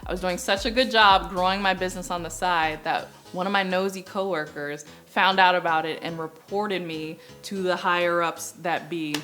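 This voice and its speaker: A young woman from the United States, a business coach on YouTube, telling her own story in an animated vlog and acting out the voices she quotes. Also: fairly low pitch. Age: young adult.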